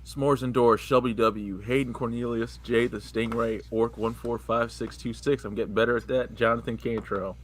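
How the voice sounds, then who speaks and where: A man's voice: mid-range voice, fairly even intonation, normal speed, hardly any pauses. A man chimes in on a casual podcast with short remarks and a chuckle. A faint hiss sits under his voice. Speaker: podcast co-host. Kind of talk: casual chat.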